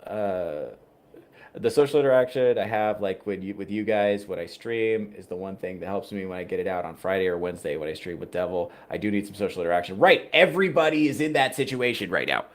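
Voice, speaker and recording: A man with a somewhat low voice talks loosely to his livestream audience, reading chat as he goes. He rambles, swears freely, and keeps a dry, wry edge. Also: steady tone, fairly quick, darkish tone. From United States. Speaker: podcast host reading chat.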